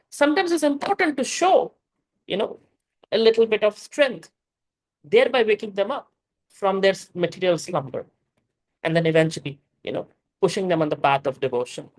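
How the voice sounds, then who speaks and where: In poor-quality audio, a high-pitched man with an Indian English accent teaches a scripture class as a spiritual teacher. His delivery is emphatic and rises into forceful exhortation; Sanskrit verses are chanted with slow care, and he frequently restarts sentences and says "you know."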